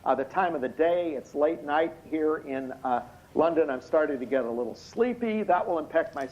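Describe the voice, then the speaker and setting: A tired, slightly hoarse man giving expert courtroom testimony over a video call, explaining things in a measured way with many hesitant fillers. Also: a little high, expressive, a little mellow. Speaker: expert witness. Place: indoor room at night. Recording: muffled video call audio.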